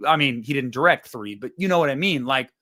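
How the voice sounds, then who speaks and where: A man's voice: medium pitch, brisk. Rambling, cussing livestream host, a man. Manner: profane, animated, rambling. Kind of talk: casual livestream chat.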